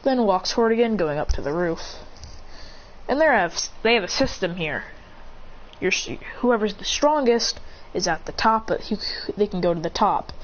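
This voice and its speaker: A woman's voice: mid-range voice, expressive, normal speed. Rambling woman improvising a fan story. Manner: rambling, makes it up on the spot with restarts. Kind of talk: improvised fan-fiction narration. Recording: slightly muffled with faint hiss.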